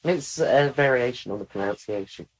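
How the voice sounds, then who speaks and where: A man in casual conversation who tells dry jokes and explains things slowly and deliberately. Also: mid-range voice, low-quality recording.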